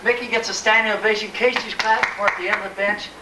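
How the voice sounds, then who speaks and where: An elderly former ballplayer with a high voice spins a lively story and mimics the people in it. He sounds set back from the mic in an echoing room, with a clear hiss of noise underneath. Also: fast, far from the mic. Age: older. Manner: animated, acts out voices in his story. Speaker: retired ballplayer telling stories. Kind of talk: anecdote at a live event.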